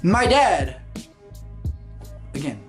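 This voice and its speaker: A woman with a deep, low-set voice chats to her camera in a sassy, animated way. She keeps jumping between loud outbursts and muttered asides, with faint music under her. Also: extremely slow. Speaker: vlogger. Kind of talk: casual chat to camera.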